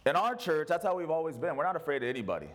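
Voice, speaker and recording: High-voiced emphatic male pastor. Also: very animated, rapid-fire. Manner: emphatic and repetitive. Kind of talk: sermon.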